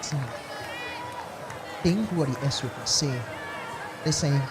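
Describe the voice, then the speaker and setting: A man's voice: mid-range voice, normal speed, pauses often. A man commentating live on a cricket match, chatty and bantering with his partner. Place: outdoor cricket ground. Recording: loud crowd and outdoor noise.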